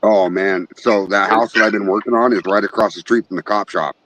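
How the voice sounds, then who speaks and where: A man's voice: lowish voice, fairly even intonation, fairly quick, fairly bright tone. A man hosting a casual livestream chat, joking and cursing as he reads out names from the chat. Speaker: podcast host. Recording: muffled with clear background noise.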